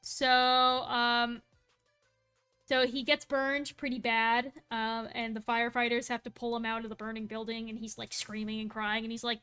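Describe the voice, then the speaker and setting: Woman streamer, high clean voice, playful rambling storyteller with asides. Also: fairly even intonation, bright, forceful tone, clean tone, faint music behind. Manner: rambling, full of asides and self-corrections; playful and quick to laugh at herself. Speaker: livestreamer. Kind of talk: casual storytelling on a live stream.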